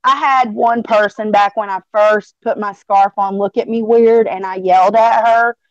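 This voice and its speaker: A woman's voice: medium pitch, fairly even intonation, normal speed, no room sound, highs cut off. A middle-aged woman with a Southern American accent, talking emotionally and cussing freely as a guest on an online panel. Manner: chatty, emotional, swears freely. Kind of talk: casual chat.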